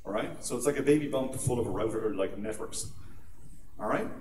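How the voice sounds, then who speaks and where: A man's voice: fairly low pitch, brisk, a little mellow. A man with an Irish accent delivers a joking, conversational conference talk. His voice carries through an echoey hall from some distance off, over a faint room hum. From Ireland. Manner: jokey and conversational, with frequent "right?" asides. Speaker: conference speaker. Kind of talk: humorous security talk. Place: large conference atrium.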